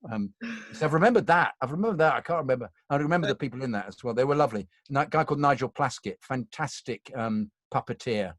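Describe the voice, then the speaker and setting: An actor in his sixties chats as a guest and tells stories from his career. He rambles, restarts and corrects himself as he goes. His voice sits at a middling pitch in a dry setting with little room sound. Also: animated, fast, dry recording. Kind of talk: casual anecdotal chat.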